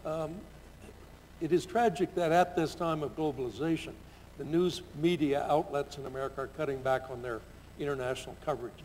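An older man on a discussion panel, telling anecdotes in a relaxed, measured conversational way. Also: a little high. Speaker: panelist, former senator. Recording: reverberant hall with faint background noise.

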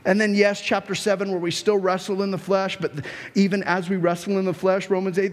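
A male pastor preaching a sermon, animated and emphatic, sometimes acting out the voices of his listeners. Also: sits high, brisk, long reverb tail. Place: church sanctuary.

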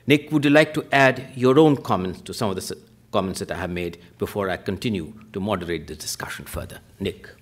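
A man giving a measured, formal panel talk in a lecture theatre, pushing up on key points and trailing off low at the ends of sentences. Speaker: panel speaker.

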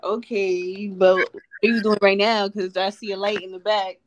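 A woman's voice: medium pitch, level tone, moderate pace. Blunt, teasing woman with a Jersey accent. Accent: New Jersey. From New Jersey. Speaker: guest on a dating show. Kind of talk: casual live-stream chat.

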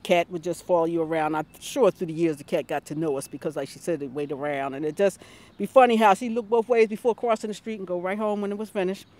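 A woman's voice: on the low side, quick pace, a little mellow. Chatty woman gardener. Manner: chatty, laughs while telling anecdotes. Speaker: longtime community gardener. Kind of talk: casual storytelling interview. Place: outdoors in a garden.

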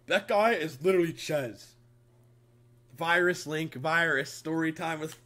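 A man's voice: high voice, a little slow, a little hiss or hum. A young man streaming live, chatting casually and profanely with his viewers. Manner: profane, animated, talks to chat.

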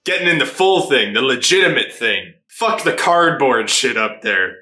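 A man hosting a casual anime reaction, excitable, laughing often and swearing freely as he watches. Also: medium pitch, normal speed. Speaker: anime reaction channel host. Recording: roomy echo.

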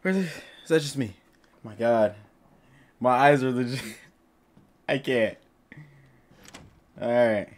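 A young male gaming YouTuber commentates a horror game while playing it, jittery and panicky, talking both to himself and to his viewers. His voice sits in the mid-range, and he takes things slowly with frequent pauses.

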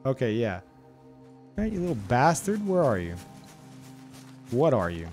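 An excitable young man commentating his own gameplay for a live chat, cursing and crying out at what happens on screen. His pitch swings widely from line to line, and faint game music plays underneath. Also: moderate pace. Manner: excitable, swears and exclaims at the game. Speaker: streamer.

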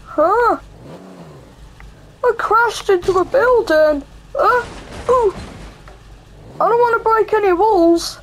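A woman doing a jumpy, squeaky teenage boy. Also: takes it slowly, long pauses, slight background noise. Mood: bewildered. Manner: yelps and gasps a lot. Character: excitable teenage boy, easily startled. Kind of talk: game role-play.

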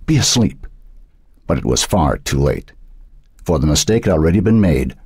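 A man narrating an audiobook in a dark, suspenseful reading style. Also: very deep voice, animated, brisk, slightly rough, no room sound, studio quality. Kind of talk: scripted narration.

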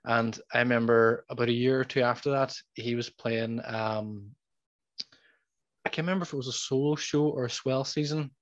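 A man's voice: mid-range voice, fairly even intonation, moderate pace, no echo. Derry man, podcast host, rambling chat, muffled lo-fi sound, dry room. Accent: Northern Irish, Derry. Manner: rambling, restarts often, says "aye". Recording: slightly dull dry sound.

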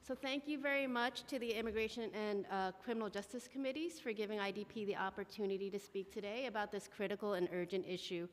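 A congested woman with a cold testifies at a council hearing, speaking earnestly into a table mic and leaning on fillers. Her voice sits at an ordinary pitch, and a long hall reverb trails behind it. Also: steady tone, fast talker, hardly any pauses. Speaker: immigrant advocacy director testifying. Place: council committee room. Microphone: table microphone.

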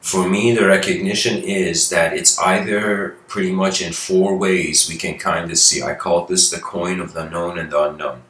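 A man's voice: low voice, steady tone, moderate pace, few pauses, noisy background. A man giving a casual spiritual lecture, telling stories in a loose, conversational way with asides to his listeners. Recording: roomy echo.

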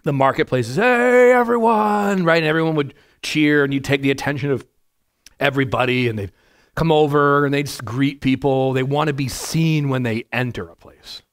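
A man, a pastor, giving a conversational verse-by-verse sermon to a congregation in a church, with a naturally loud voice and frequent "right?" asides. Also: medium pitch, fairly even intonation, normal speed. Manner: naturally loud, chatty, asks the room "right?". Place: church sanctuary before a congregation.

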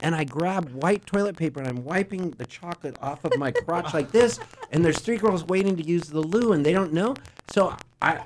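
A man's voice: fairly high pitch, moderate pace, few pauses, slight background noise, rough recording. A man guesting in a radio studio, telling a long rambling anecdote with bursts of laughter. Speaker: musician guest. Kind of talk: storytelling on radio. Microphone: studio microphone.

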